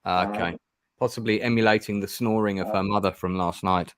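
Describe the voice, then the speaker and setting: A middle-aged man streaming a gamebook rambles through casual chat, stumbling over ums and starting sentences over. He talks fairly quickly in a fairly low voice with fairly even intonation, in a dry, clean studio recording.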